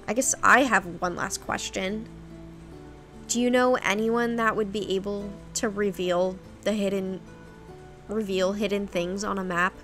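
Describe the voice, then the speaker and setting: A woman's voice: medium pitch, fairly even intonation, measured pace, fairly bright tone. A woman voicing her character in a game roleplay, talking earnestly with some hesitation, over faint background music. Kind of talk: Minecraft roleplay dialogue.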